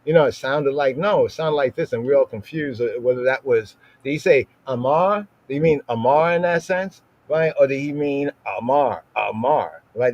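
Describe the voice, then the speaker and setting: A man's voice: mid-range voice, a little mellow, no room sound, muffled recording. Man repeating Hebrew words, asking "right?". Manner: repeats words over and over, asks "right?" after nearly every phrase; drawls out Hebrew words slowly to teach their pronunciation. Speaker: teacher of a Hebrew scripture study livestream. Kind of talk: livestreamed scripture teaching.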